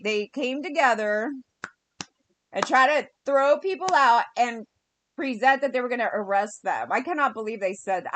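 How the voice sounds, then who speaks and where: A woman's voice: fairly high pitch, fairly bright tone, no room sound. Heated ranting woman, dry sound. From California. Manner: heated, fast ranting with quoted dialogue. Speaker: vlogger. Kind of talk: ranting vlog monologue.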